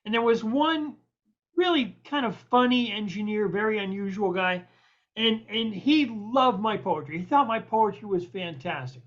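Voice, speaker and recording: Middle-aged guy host, swears a lot, animated storytelling, muffled lo-fi audio. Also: sits high, moderate pace. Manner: animated, profane, colloquial storyteller. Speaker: podcast host. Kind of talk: storytelling interview chat.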